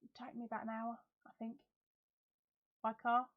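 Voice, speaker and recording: A woman's voice: fairly high pitch, completely flat delivery, normal speed, phone-quality sound. A middle-aged woman hosting a casual live chat from home, reading out viewer comments, giggling and talking a lot. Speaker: livestream host.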